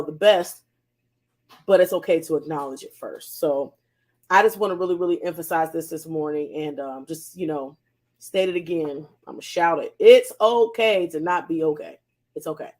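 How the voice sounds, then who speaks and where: Gravelly-voiced counselor, emphatic. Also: mid-range voice, darkish tone. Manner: emphatic, repeats key phrases, laughs often, casual slang. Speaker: counselor hosting a weekly mental health segment. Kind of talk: casual motivational talk.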